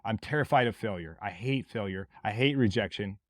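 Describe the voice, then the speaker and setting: A man from Mississippi with a Southern accent, hosting a podcast as a blunt, forceful motivational monologue with plenty of swearing. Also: lowish voice, fairly quick, no room sound, studio quality. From Mississippi, USA. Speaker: podcast host.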